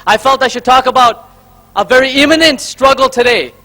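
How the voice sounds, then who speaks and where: Speaking fairly quickly in a very high-pitched, bright and forceful voice, a man from Karnataka, India addresses a convention from the stage. He calls the crowd friends, recounts a story and then ticks off his points one by one.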